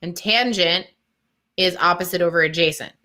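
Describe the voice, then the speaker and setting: A woman's voice: lowish voice, moderate pace, pushed and bright. A woman co-presenting a webinar in casual chat, thinking aloud and using "like" a lot.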